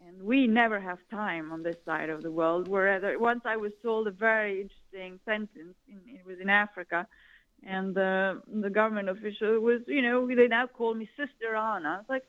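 A woman's voice: mid-range voice, fairly even intonation, moderate pace, a bit bright. Italian-born woman, filler-heavy, phone line. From Italy. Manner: rambling, many "you know" fillers. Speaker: guest, government advisor. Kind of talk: conversational interview.

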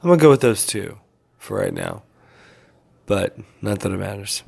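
A man's voice: fairly low pitch, lively intonation, moderate pace, vocal fry, a little mellow, husky. A tired man giving a casual, rambling vlog update to his followers, loose and full of fillers. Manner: laid-back, meandering, filler-heavy. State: tired, yawning. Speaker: vlogger.

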